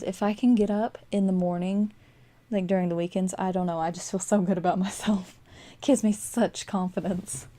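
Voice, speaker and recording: A woman's voice: medium pitch, dark tone. A young woman rambling casually as she narrates a game build, sleepy and full of fillers and little laughs. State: sleepy, yawning. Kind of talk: casual voice-over commentary while building. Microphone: desk microphone.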